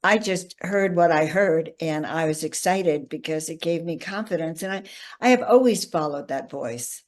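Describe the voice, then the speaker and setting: A woman speaking as a podcast guest in a calm, matter-of-fact conversational way. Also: low voice, moderate pace. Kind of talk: casual conversation about spirituality.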